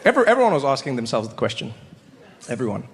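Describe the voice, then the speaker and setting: A man from South Africa performing stand-up comedy, telling stories in a playful, animated way on a large stage. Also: medium pitch, fast talker, a faint crowd. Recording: long hall reverb, faint noise.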